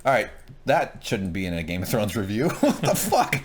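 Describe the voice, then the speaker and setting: A man's voice: lowish voice, moderate pace, breathy edge. A man co-hosting a TV episode review, chatting casually, swearing freely and acting out scenes with silly voices. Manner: animated, profane, acts out scenes in silly voices.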